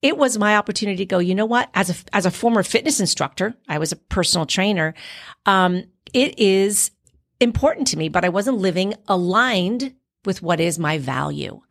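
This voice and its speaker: A middle-aged Canadian actor chats casually on a podcast, with a mid-range voice at normal speed. She tells a story with animation, acting out the things she says to herself.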